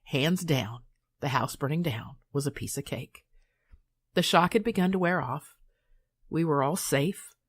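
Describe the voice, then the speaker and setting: An older woman reading her own memoir aloud in a calm, measured, soothing way. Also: low-pitched, slightly rough. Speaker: author and hypnotist.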